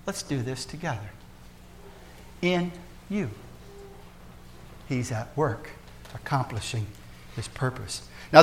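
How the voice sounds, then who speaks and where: A man preaching a sermon as pastor, folksy and joking with the congregation, swinging between loud emphasis and soft, hushed asides. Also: a little high, slight background noise. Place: church.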